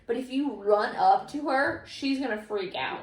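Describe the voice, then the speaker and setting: A woman vlogger reading stories aloud in a casual, animated way, often laughing. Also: fairly high pitch, moderate pace. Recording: echoey room.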